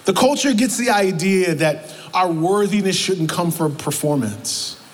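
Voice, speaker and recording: A man's voice: high-pitched, animated, a little slow. A man preaching a sermon in a church, emphatic and repeating his words, calling out to the congregation. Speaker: pastor. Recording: long hall reverb, faint ambience.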